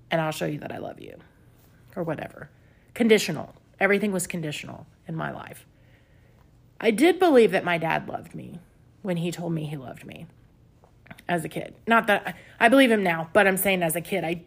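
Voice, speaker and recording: Woman podcast host, gravelly fry, candid and confessional self-help talk. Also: on the low side. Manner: candid, confessional, with soft laughs. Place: home with pets nearby.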